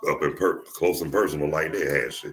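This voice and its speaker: A man with a deep voice and a Southern US accent, hosting a casual podcast chat and telling jokey stories, often restarting his phrases. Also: fairly even intonation, fairly quick, a bit bright. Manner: joking storyteller, repeats and restarts phrases. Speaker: podcast host.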